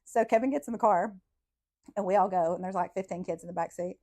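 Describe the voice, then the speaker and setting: A woman tells childhood stories on her podcast. She talks casually, swears freely and breaks into laughter often. Her voice sits at an ordinary middle pitch for a woman. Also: fast. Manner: profane, laughing, animated storytelling. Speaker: podcast host. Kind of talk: casual storytelling.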